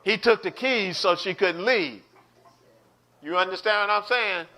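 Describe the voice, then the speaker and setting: High-voiced, animated male preacher. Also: a little slow. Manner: animated, repeats words, calls out to listeners. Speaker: pastor teaching a Bible study. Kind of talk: preaching in an online Bible study.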